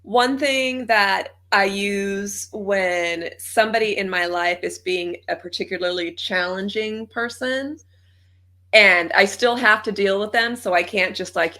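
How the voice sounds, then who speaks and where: Upbeat woman with a bright voice. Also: medium pitch, measured pace. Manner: upbeat, laughs readily. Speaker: podcast guest and coach. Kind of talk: conversational interview.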